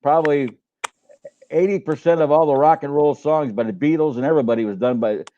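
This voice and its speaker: A man's voice: on the high side, fast talker, muffled recording, a little hiss or hum. An older man who works as a coach, chatting on a live stream in a rambling way with many restarts. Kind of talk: casual live-stream chat.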